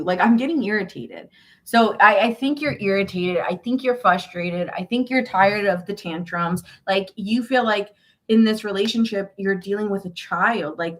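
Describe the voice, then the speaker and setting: A woman's voice: mid-range voice, fairly quick, fairly bright tone. Woman doing a casual tarot reading, chatty and emphatic, repeats herself a lot, blunt and a bit exasperated, voice sits in a middle range. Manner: blunt and exasperated, swears in quoted asides. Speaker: tarot reader.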